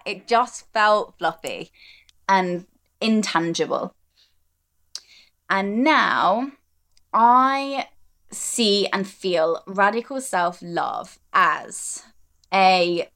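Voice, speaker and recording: A woman coach speaking as a podcast guest in relaxed conversation, reflective and earnest, often repeating words for emphasis. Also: medium pitch.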